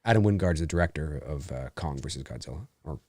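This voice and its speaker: A man's voice: rumbling low, animated, fast talker, a little mellow, slightly rough, no room sound, studio quality. A man in his forties co-hosting a casual live show, reading viewer messages and rambling as he searches for names. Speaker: podcast co-host reading live chat. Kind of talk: casual live commentary chat.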